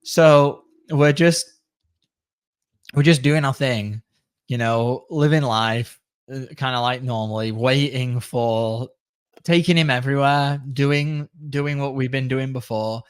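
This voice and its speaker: Guy talking calm in a podcast chat, mid pitch, dry sound, trails off soft. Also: slow pace, smooth, dry recording. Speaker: podcast guest. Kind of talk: casual conversation.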